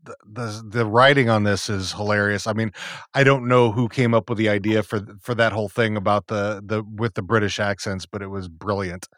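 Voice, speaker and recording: Casting: man co-host, lower voice, dry close sound, chuckles a lot. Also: fairly even intonation, a little fast, fairly bright tone, dry recording. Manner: chuckles often, restarts phrases. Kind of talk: casual chat.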